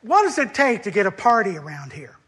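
A man's voice: high voice, sing-song, brisk, a bit bright, husky, heavily acted. A man playing a bitter, sarcastic elder son. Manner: sarcastic, aggrieved complaining.

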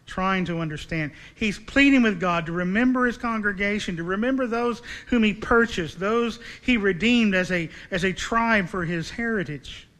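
A man delivers a sermon in a high, bright voice. He preaches earnestly and keeps turning to his listeners with direct, searching questions. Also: normal speed, hardly any pauses.

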